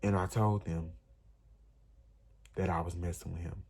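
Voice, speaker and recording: A man's voice: low-pitched, fairly even intonation, unhurried, darkish tone, husky. Young man telling an emotional storytime. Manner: emotional, rambling, speaks straight to viewers. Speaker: vlogger. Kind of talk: storytime vlog.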